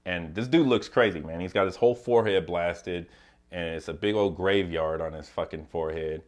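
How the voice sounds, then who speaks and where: A man's voice: deep voice, normal speed, darkish tone. A man casually telling his prison story to the camera, loose and profane, with many fillers and asides.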